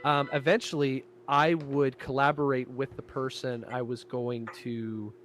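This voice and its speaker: A man in casual chat, telling a lively story about directing his show and acting out quoted lines. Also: mid-range voice, unhurried, faint music behind. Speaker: guest, creator and director of an audio show.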